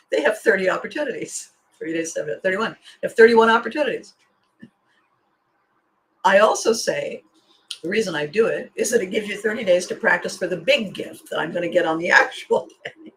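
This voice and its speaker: Long pauses mark this woman's motivational monologue, spoken at normal speed in a mid-range voice over a rough recording. A podcast host and life coach, she hosts her own show and animatedly voices the people she quotes, chuckling here and there.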